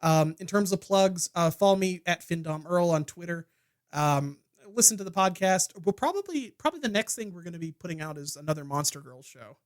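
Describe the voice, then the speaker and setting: A man's voice: sits high, lively intonation, a little fast. A man co-hosting a comedy podcast, chatting casually and rambling with fillers and stammers. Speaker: podcast co-host.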